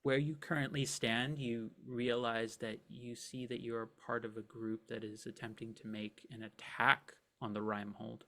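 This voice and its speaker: A man's voice: medium pitch, flat delivery, moderate pace, hardly any pauses, fairly bright tone. Guy running a tabletop game, laid back scene-setting, lots of likes and ums. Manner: casual and vivid, with many "like" fillers. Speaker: game master.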